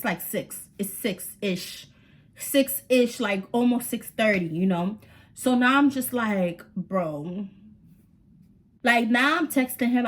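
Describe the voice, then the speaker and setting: A young woman tells a story straight to her viewers, chatty and dramatic, full of slang and asides to y'all. Her voice sits a little high. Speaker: storytime vlogger. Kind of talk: casual storytelling to camera.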